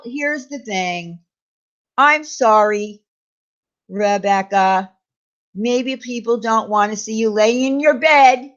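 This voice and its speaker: A high-pitched woman vents her anger on her own channel, throwing out sarcastic questions and repeating names with indignation. The sound is muffled and lo-fi. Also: fairly bright tone. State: angry. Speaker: YouTube commentary host. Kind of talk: angry ranting commentary.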